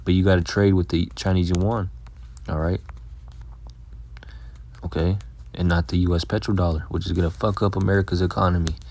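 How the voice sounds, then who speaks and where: Low-voiced man giving a rambling Bible lesson. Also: little pitch movement, darkish tone, a little hiss or hum. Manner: rambling and blunt, peppered with "all right" and "man"; reads scripture slowly and deliberately. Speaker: Bible teacher. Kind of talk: casual street-style Bible lesson.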